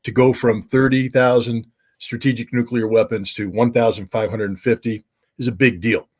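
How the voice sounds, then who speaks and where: A man's voice: mid-range voice, fairly even intonation, normal speed, husky. A man who used to be a weapons inspector, talking as an interview guest in an emphatic way, with many uh and um fillers. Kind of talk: casual interview talk.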